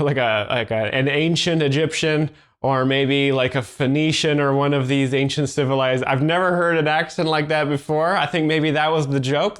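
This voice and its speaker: Deadpan joke-explainer man, mid-pitched, halting delivery full of fillers. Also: smooth. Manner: deadpan, hesitant, many fillers and restarts. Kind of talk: deadpan commentary.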